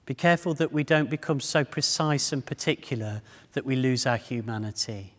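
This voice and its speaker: A man's voice: medium pitch, moderate pace. Man telling humorous stories in a hall. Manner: humorous storytelling, addresses the audience directly. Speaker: speaker. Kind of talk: public talk. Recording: long reverb of a hall.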